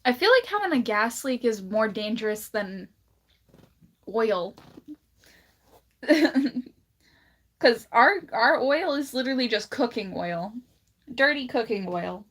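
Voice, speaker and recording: A woman's voice: a little high, lively intonation, a bit bright. A woman chatting casually on a livestream, blunt and laughing often, with a slight lisp. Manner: blunt, laughs often, drawls words out slowly.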